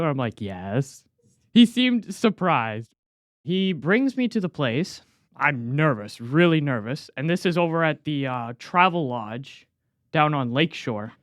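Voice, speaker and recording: A teenage boy telling a casual personal story, acting out the dialogue with quick voice changes. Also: on the high side, clear, resonant tone, dry recording, studio quality. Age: teens. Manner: animated, acts out dialogue with quick voice shifts. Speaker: student storyteller.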